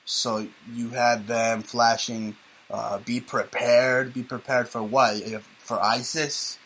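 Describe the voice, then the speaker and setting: A man's voice: medium pitch, little pitch movement, takes it slowly, a bit bright, slight background noise, poor audio. A man hosting a talk radio show, sarcastic and rambling in casual banter.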